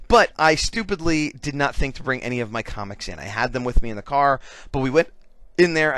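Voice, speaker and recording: A man's voice: medium pitch, a bit bright, dry recording. A man giving a rambling, self-deprecating voice-over in casual conversation, hiccuping now and then. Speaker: artist and convention vendor.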